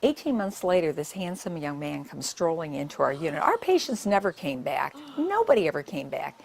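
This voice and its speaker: A woman's voice: low-pitched, very animated, a little fast, creaky. An older woman, a nurse, giving a public talk and telling her stories in a conversational way with many asides.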